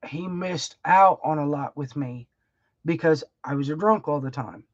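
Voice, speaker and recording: Slow-talking middle-aged woman. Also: low-pitched, no room sound, lo-fi sound. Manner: rambling, emotional, laughs often, folksy phrasing. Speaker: livestream host. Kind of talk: casual heartfelt livestream chat.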